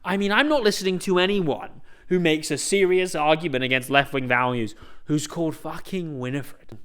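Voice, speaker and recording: A man's voice: on the high side, moderate pace, fairly bright tone, smooth. A young man hosting a comedic video essay, sarcastic and sweary, breaking into rants.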